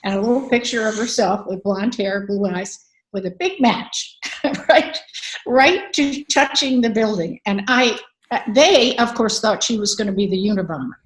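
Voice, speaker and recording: A woman's voice: medium pitch, normal speed, a little hiss or hum, rough recording. Older woman guest, advocate and author; earnest, candid storyteller, fillers throughout. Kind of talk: conversational interview storytelling.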